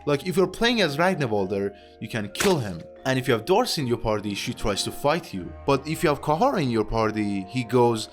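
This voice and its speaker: A young man walks through a video game in casual, rambling commentary, his pitch jumping around a lot. He is sardonic and throws in jokey asides, with faint music under him. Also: sing-song, moderate pace, hardly any pauses.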